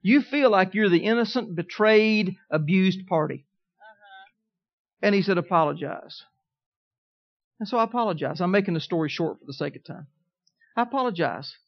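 A man preaching a sermon, telling a personal story in a folksy way, swinging from quiet asides to emphatic declarations. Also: sits high, animated, moderate pace, dull audio. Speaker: pastor.

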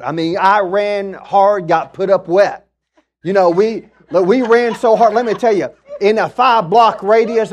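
A man preaching a sermon as a pastor, building to shouts and telling stories with quick asides. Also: sits high. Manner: preaching with rising shouts and call-outs; storytelling with asides.

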